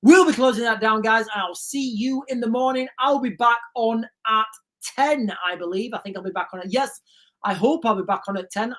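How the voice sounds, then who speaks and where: A woman hosting a casual livestream, rambling and repeating herself, earnest and emotional, often calling her viewers "guys". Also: on the high side. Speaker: livestream host.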